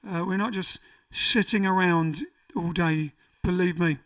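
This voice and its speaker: A man's voice: high-pitched, steady tone, a little slow, a bit bright, recorded from a distance. A man hosting a casual livestream, reading out viewer comments in a jokey, rambling way. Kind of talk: casual chat. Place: home during lockdown.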